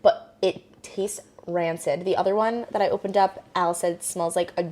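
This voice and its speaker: A woman's voice: fairly low pitch, steady tone, normal speed, darkish tone. A young woman co-hosting a podcast, chatting casually and bluntly with many filler words. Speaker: podcast co-host. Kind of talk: casual chat.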